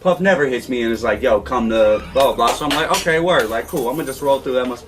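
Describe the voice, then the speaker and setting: A man's voice: medium pitch, fast, recorded from a distance, background noise. A man telling a story as an interview guest, casual and slangy, acting out what people said. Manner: animated, acts out quotes, slangy.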